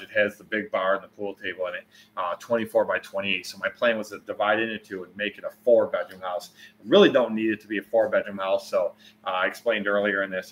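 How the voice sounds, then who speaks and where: A man in his forties chatting casually on a livestream, answering viewers, rambling and swearing freely, getting loud when he tells a story. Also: fairly low pitch, highs cut off, slight background noise.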